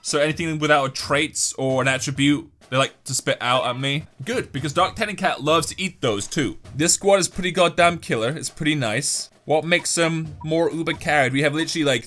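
A young man giving casual, excitable commentary over a mobile game he is playing, muttering one moment and yelling at the screen the next. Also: a little high, moderate pace, few pauses. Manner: excitable, swings from mumbling to yelling and laughing at the game. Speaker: gaming YouTuber.

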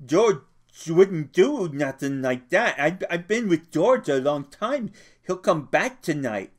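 A man's voice: a little high, big pitch swings, takes it slowly, pitched above the performer's own voice, exaggerated voice. A man voicing a simple-minded, childlike giant farmhand who stammers and pleads. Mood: pleading.

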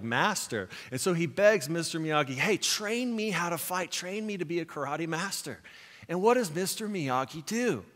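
A pastor preaching with animated storytelling, acting out quoted lines as he goes. His voice sits a little high for a man, and it rings with the long reverb of a church sanctuary. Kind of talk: sermon.

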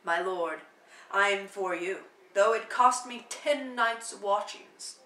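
A woman's voice: mid-range voice, slow pace, bright, forceful tone, roomy sound, far from the mic, poor audio. A woman voicing an older nobleman, a proud and fond father, talking in a chatty fatherly way in a play reading.

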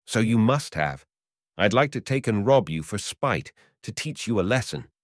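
A man's voice: fairly low pitch, expressive, normal speed, no echo, studio quality, voice pushed up, close to an everyday voice. A man voicing an angry young male hunter who scolds and threatens. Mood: scornful.

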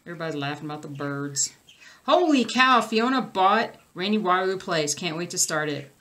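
A young woman hosts a casual stitching livestream, reading out viewer comments and answering them. Her voice sits slightly low for a woman. She rambles in a loose, chatty way, full of fillers and restarts. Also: a little fast, a bit bright. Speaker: cross stitch vlogger.

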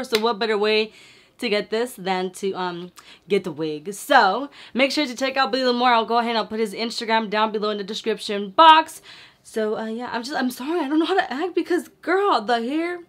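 A young woman talking excitedly at home in a casual makeup vlog, now and then slipping into Spanish. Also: fairly high pitch. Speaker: beauty vlogger. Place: her home.

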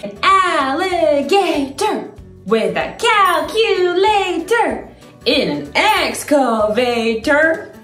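Very slow and sing-song, this young host's high, fairly bright voice leads a children's learning video with playful exaggeration. Faint music plays in an echoey room.

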